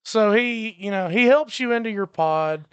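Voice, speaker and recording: A game master narrating a science fiction tabletop game in a relaxed way, laughing often. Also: medium pitch, moderate pace, clean tone, no room sound, highs cut off. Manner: relaxed, laughing, explains freely.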